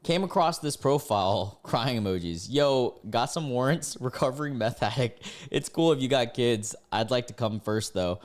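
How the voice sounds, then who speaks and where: A young man reading dating app posts aloud and reacting casually, laughing and breaking into sudden high-pitched disbelief. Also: lively intonation, normal speed, hardly any pauses.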